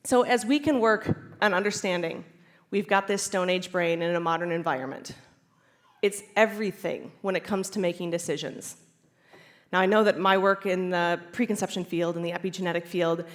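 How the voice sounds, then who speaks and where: A chiropractor speaking at a conference before a live audience, animated and laughing often as she acts out inner voices. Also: lowish voice, normal speed. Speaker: chiropractor giving a conference talk. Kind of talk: lively conference talk.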